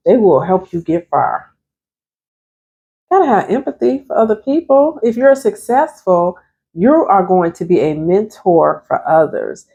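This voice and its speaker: A woman's voice: medium pitch, sing-song, unhurried, vocal fry, mellow, highs cut off. A woman therapist and life coach giving a chatty, emphatic motivational vlog talk straight to her viewers. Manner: chatty and emphatic, addresses viewers as "you all".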